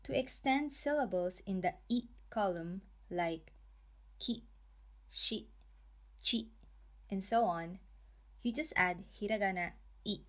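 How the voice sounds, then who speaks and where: A woman narrating a pronunciation lesson at an unhurried, deliberate pace. Her pitch sits in an ordinary middle range. She draws out each example word with careful, clear articulation. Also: a bit bright. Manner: slow, careful, drawn-out pronunciation. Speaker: language teacher.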